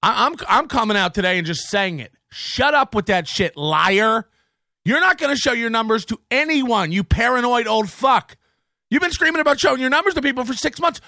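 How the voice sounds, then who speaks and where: A man hosting a comedy podcast, ranting in a mocking, profane way and often breaking into shouts. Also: very high-pitched, lively intonation, fairly quick, creaky, no echo, studio quality. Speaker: podcast host.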